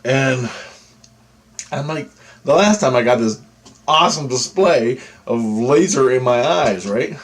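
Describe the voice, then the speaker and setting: A man's voice: mid-range voice, lively intonation, measured pace, long pauses. A man vlogging a personal story to camera in a loose, rambling way, full of asides.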